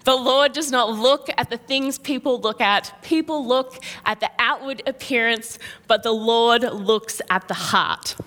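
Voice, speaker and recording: A woman preaching a sermon, telling a Bible story in a lively way and acting out the quotes. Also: a little high, a little slow, few pauses. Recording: long reverb of a large hall.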